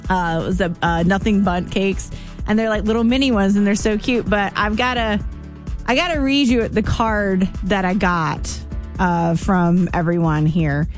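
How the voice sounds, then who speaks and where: A woman's voice: medium pitch, normal speed, soft background music. Woman morning radio host, effusive and chatty, playful teasing, mid-range voice. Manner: chatty and effusive, with many ums and uhs. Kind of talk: casual on-air chat. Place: radio studio.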